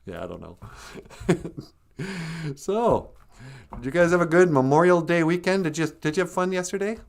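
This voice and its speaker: This older male livestream host has a somewhat high, expressive, creaky voice and speaks at a normal speed. Chuckling often, he greets his audience and shares joking stories in a casual stream.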